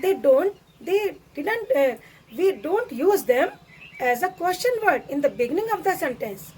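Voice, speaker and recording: Woman, grammar teacher, slow and patient, repeats examples, high voice. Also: big pitch swings, darkish tone, slight background noise. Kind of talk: classroom grammar lesson.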